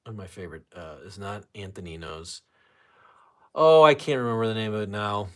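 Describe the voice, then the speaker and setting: A lowish, brisk male voice belongs to a livestream host from St. Louis, USA. In a casual stream he rants with plenty of swearing and reads comments from chat aloud.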